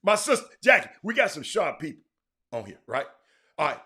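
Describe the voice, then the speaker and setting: A man hosting a live sports talk show, chatting with viewers by name, animated and repeating words as he goes. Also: fairly high pitch, a little fast. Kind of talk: live-stream chat with viewers.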